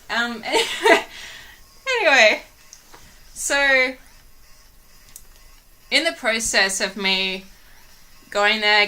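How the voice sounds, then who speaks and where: A woman's voice: mid-range voice, sharp tone. A woman vlogger telling rambling, giggly stories in casual chat, full of "like". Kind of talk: casual storytelling.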